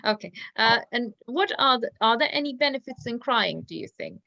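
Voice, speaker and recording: A woman's voice: on the high side, lively intonation, brisk, vocal fry, sharp tone, muffled recording. A woman teacher leading an online speaking class, giving brief encouraging prompts.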